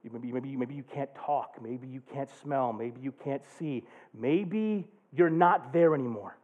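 A male pastor preaching a sermon, moving from a quiet, subdued personal story to loud, passionate preaching. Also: medium pitch, a little slow. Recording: tinny phone-like sound.

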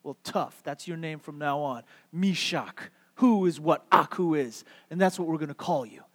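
A man's voice: a little high, normal speed, big-room sound, pitched below the performer's own voice, lightly acted. A male preacher voicing a bullying male Babylonian official in a sermon story, taunting and dismissive.

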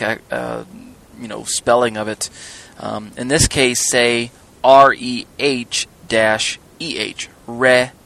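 Male Bible teacher, mid-pitched voice, halting explanations, fillers, spells out terms letter by letter. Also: fairly bright tone. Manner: searching for words, frequent fillers and restarts. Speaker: Torah teacher.

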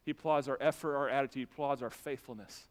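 A male pastor preaching an emphatic sermon to his church, later softening into a quiet invitation for the congregation to reflect. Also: medium pitch, steady tone, fast talker. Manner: emphatic preaching with rising intensity, then soft invitation.

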